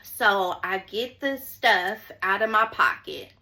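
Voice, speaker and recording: A young woman tells her viewers a personal story in a casual, chatty way. Her voice is bright and forceful at an ordinary middle pitch. She leans into the drama, repeats phrases for emphasis and keeps calling her listeners y'all. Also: expressive, slow. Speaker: storytime vlogger.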